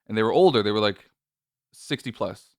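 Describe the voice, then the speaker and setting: A man's voice: lowish voice, expressive, normal speed, dry recording, studio quality. A male podcast host telling a story in casual chat, nervous and rambling, with many restarts and a voice that cracks.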